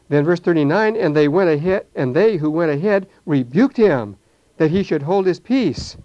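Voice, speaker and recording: An older man teaching verse by verse through a Bible passage, animated and acting out the voices in the story. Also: on the high side, moderate pace, muffled recording. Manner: animated, acts out voices, repeats words.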